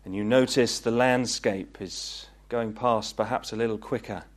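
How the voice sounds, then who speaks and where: A man preaching a gospel sermon, earnest and pleading, rising to fervent peaks and then dropping low. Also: steady tone, normal speed. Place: meeting hall.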